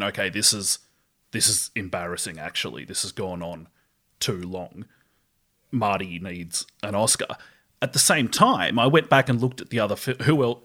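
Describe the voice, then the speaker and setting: A man's voice: on the low side, fairly bright tone. Thoughtful, opinionated man guest. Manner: considered, opinionated, laughs easily. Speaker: podcast guest. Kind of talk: casual chat.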